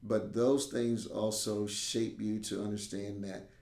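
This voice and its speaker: A man, a karate instructor, telling stories in a casual podcast interview, animated and often asking "right?". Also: fairly low pitch, slow, reverberant. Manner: animated, acts out quotes, checks in with "right?".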